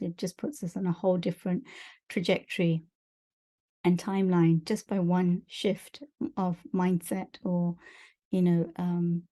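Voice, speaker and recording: A woman's voice: lowish voice, dark tone. A woman giving a monthly spiritual energy update, talking earnestly and encouragingly in long repetitive lists. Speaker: spiritual teacher.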